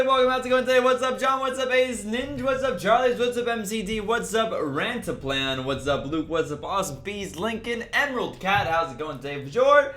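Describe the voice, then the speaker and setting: A man's voice: high voice, animated, fairly quick, hardly any pauses, fairly bright tone. A man hosting a casual livestream, upbeat, greeting viewers one after another by name. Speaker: livestream host. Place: echoey room. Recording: roomy echo, faint music behind.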